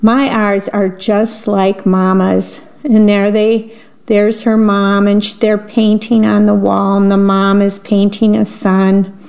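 A woman's voice: mid-range voice, flat delivery, slow pace, a little mellow. A woman reading picture books aloud and describing the pictures between the lines. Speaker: reader. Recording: dull lo-fi recording.

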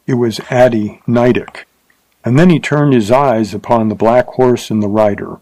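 Male audiobook narrator, steady, middle pitch, dry. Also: normal speed, no echo, rough recording. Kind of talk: storybook narration.

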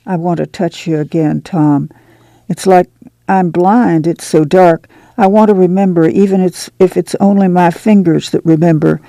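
A man's voice: sits high, steady tone, normal speed, vocal fry, warm tone, no echo. A man voicing a worried, tender but firm farm mother in an audiobook, with folksy rural speech. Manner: folksy rural dialect, pleading and stern. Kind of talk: audiobook character reading.

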